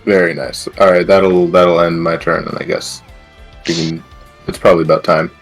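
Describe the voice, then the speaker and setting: A man's voice: sits low, level tone, moderate pace, faint music behind. A man playing a tabletop game, describing his character's moves in an easygoing way. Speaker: player.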